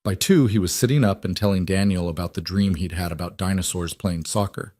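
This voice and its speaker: A man narrating a scripted drama story in an even, measured way. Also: sits low, dry recording, studio quality.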